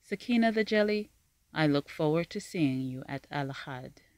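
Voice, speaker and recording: A narrator voicing a visiting male scholar who speaks with smooth, courteous menace. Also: mid-range voice, lively intonation, normal speed, a little mellow, no room sound, studio quality, lightly acted.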